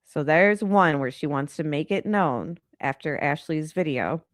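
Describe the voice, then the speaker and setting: A woman's voice: deep voice, animated, unhurried, no echo, clean studio sound. A congested woman hosting a true crime channel, talking in a chatty, rambling, exasperated way. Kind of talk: casual commentary on a live stream.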